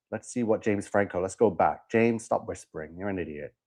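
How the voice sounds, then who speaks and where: A man's voice: low voice, brisk, hardly any pauses, darkish tone. A man hosting a religious commentary show, talking emphatically with scorn and repeated warnings. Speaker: host of a religious commentary channel. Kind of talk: preachy commentary.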